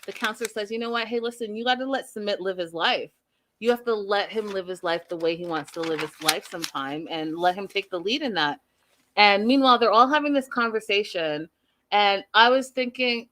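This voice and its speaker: A young woman hosting a casual reality TV recap, sassy and animated, acting out the people she talks about. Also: medium pitch. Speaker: recap show host.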